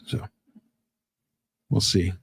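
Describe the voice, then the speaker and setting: Drawing out his words in a fairly bright tone, a male livestream host reads out chat comments casually, rambling playfully with plenty of fillers. The recording is dry.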